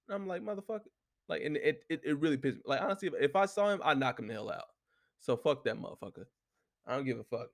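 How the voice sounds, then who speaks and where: A man hosting a solo talk show, ranting casually and heatedly with constant swearing and lots of filler words. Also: on the high side. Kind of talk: casual profane rant.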